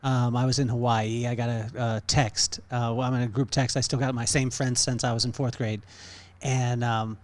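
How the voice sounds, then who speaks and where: A man's voice: medium pitch, level tone, normal speed. A man hosting a podcast, putting short questions to his guest in a casual interview and telling a story of his own. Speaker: podcast host.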